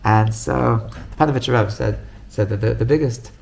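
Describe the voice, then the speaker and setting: Rabbi, man, teaching a class, animated storytelling, acted quotes, gravelly voice, frequent repeats. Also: moderate pace, a little hiss or hum. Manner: animated storytelling, acts out quoted voices with big pitch jumps; many restarts and repeated words.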